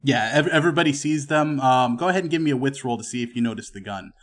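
A man narrating and running a western tabletop role-playing game as game master, relaxed and full of fillers. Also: medium pitch, fast.

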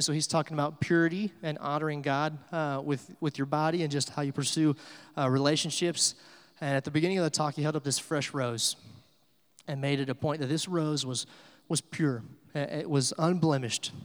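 A man preaching to a church, his fairly high voice swinging from quiet reflection to loud, emphatic peaks. The sound carries a long, ringing reverb from the sanctuary. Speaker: pastor. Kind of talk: sermon.

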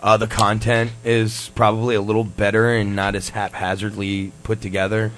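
A man's voice: fairly low pitch, little pitch movement, normal speed, fairly bright tone. A man hosting a podcast in casual chat, laid-back and joking, with lots of fillers. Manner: laid-back, laughs often, rambling fillers. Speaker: podcast host.

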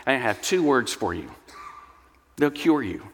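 A man's voice: medium pitch, very animated, measured pace, in a large hall, voice pushed down. A man voicing a blunt, overconfident male psychiatrist who barks commands at a patient. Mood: smug. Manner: blunt, impatient, shouting commands. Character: brash, overconfident male psychiatrist, middle-aged.

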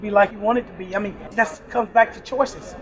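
A woman's voice: medium pitch, fairly even intonation, fairly quick. Brief: cheerful middle-aged woman, chatty and preachy, crowd chatter all around. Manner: warm, upbeat, laughs often, preachy asides. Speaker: airport store worker. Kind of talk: casual interview. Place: busy airport store. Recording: crowded airport background.

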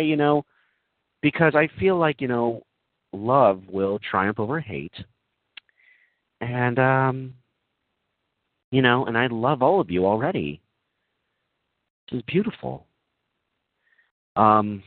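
A man doing comedic, earnest role-play for an online group chat. He talks in a gentle, overly earnest way, full of giggles and ums. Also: mid-range voice, expressive, unhurried, long pauses, no room sound. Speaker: comic prankster addressing an online group chat. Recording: tinny phone-like sound, dry.

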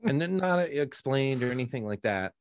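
A man's voice: medium pitch, lively intonation, moderate pace, smooth, no room sound. A man co-hosting a podcast, chatting casually about a movie in a rambling, sardonic way. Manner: rambling, self-interrupting, sardonic. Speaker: podcast co-host. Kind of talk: casual movie review chat.

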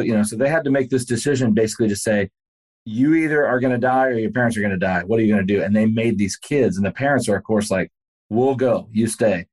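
A man's voice: fairly low pitch, fast, darkish tone. A man, a pastor and podcast guest, telling a story in casual conversation and speaking earnestly and directly to the listener.

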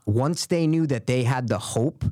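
A young man co-hosting a podcast, telling stories in a casual, animated way and swearing freely. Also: mid-range voice, unhurried, no room sound, clean studio sound. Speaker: podcast co-host. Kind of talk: casual chat.

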